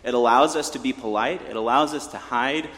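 A man's voice: mid-range voice, fairly quick, a bit bright. A man preaching a sermon from the pulpit in a conversational way, with joking asides to the congregation. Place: church sanctuary. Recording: long church reverb.

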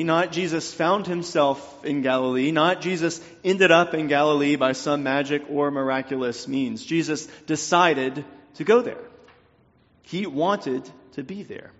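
A male preacher from North Louisiana delivers a sermon, with faint traces of a Southern accent. His voice sits a bit high, and he speaks in a measured way, pausing through his lists. The sound is dull and rings with long church reverb. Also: a bit bright. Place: church sanctuary.

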